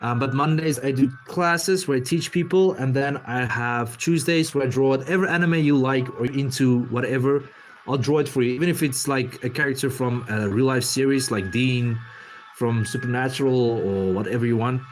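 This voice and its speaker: A man's voice: mid-range voice, fairly even intonation, normal speed, a little hiss or hum. Easygoing man chatting while drawing. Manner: rambling, easygoing, talks while working. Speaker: artist streaming while drawing. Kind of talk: casual livestream chat.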